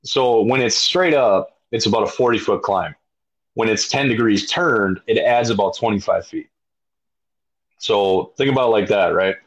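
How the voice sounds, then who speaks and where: A man, a podcast guest, telling a story with heavy swearing and loud acted-out shouts. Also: lowish voice, normal speed, poor audio. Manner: profane, emphatic, acts out his own shouts. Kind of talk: animated storytelling.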